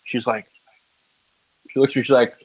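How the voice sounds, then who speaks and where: A man's voice: medium pitch, level tone, normal speed, husky, highs cut off. A man co-hosting a casual podcast, telling rambling stories and swearing often. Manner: swears a lot, rambling storyteller. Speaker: podcast co-host. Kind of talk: casual chat.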